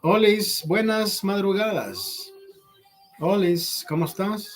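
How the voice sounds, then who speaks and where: Soft background music plays under this livestream host's high voice, which moves a little slowly. Originally from Honduras and based in Los Angeles, California, he rants casually, swears heavily, and flips between English and Spanish.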